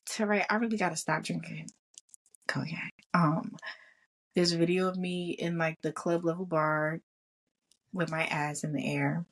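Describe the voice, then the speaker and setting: A woman co-hosts a podcast in casual chat. Her voice sits fairly low, and she laughs a lot and swears freely as she tells her stories. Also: measured pace, long pauses. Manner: laughs often, swears freely, animated storytelling. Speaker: podcast co-host.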